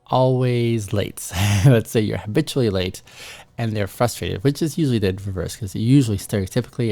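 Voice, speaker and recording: A man's voice: lowish voice, creaky, darkish tone, no echo. A man hosting a motivational talk to men, earnest, acting out short dialogues as examples. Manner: earnest, acts out little dialogues. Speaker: host.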